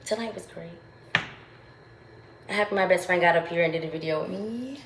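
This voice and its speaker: A woman's voice: on the low side, brisk, background noise. A woman vlogger giving a casual, profane motivational rant, hammering her points with repeated phrases. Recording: echoey room with faint ambience.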